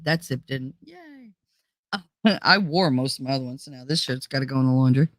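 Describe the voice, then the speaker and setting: A woman's voice: a bass voice, fairly quick, no room sound, studio quality. A woman hosting a casual livestream, blunt and profane, reading chat aloud while tired and running on fumes. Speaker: livestream host.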